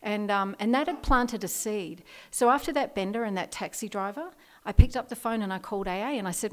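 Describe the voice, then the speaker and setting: A woman's voice: medium pitch, brisk. Candid Australian woman telling her story. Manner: candid, self-deprecating, laughs through hard memories. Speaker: AA meeting speaker. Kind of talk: personal recovery story.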